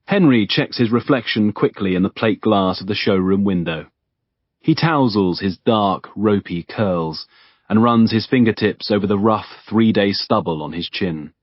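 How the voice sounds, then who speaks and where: A low-voiced man reads an audiobook in a measured way. The sound is dry and slightly dull, with no room behind it. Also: no room sound. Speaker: audiobook narrator. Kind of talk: scripted narration.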